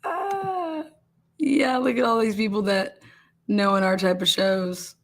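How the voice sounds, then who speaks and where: A woman hosts a relaxed livestream, calling bingo and reading viewer comments aloud while laughing often. Her voice is a little high and she speaks slowly.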